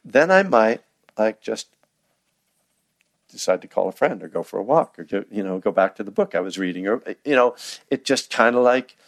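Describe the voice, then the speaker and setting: A man's voice: fairly low pitch, expressive, normal speed, dry recording. A man giving a dharma talk as a meditation teacher, speaking conversationally with frequent restarts and fillers, acting out inner thoughts in quoted asides. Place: meditation hall.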